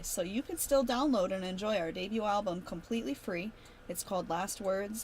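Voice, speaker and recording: A woman in a band hosting a casual livestream chat with fans, effusive and emotional, often laughing as she talks. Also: mid-range voice. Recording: music playing behind the voice.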